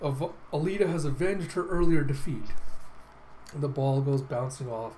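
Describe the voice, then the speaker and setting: Excitable guy recapping a comic out loud, fairly high voice, enthusiastic, laughs a lot, faint noise behind. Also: normal speed, rough recording. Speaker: host. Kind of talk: casual comic readthrough commentary.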